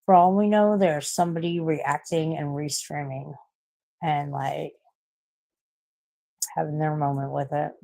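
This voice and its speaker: A woman's voice: low voice, steady tone, unhurried, gravelly, long pauses, mellow. A woman in her forties chatting casually on a late-night live stream, rambling, swearing a lot and laughing at herself. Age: 40s.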